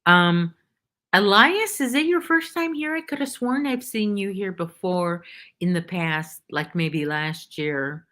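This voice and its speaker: Hosting a casual crochet livestream from home, a woman rambles along and reads viewers' names aloud. Her voice sits on the low side, expressive, pushed and bright, and she takes her time.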